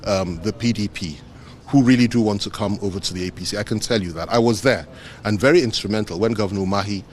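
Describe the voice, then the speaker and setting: A Nigerian politician addresses the press in an earnest, emphatic statement, repeating phrases for weight. His fairly low voice moves fast, with slight background noise.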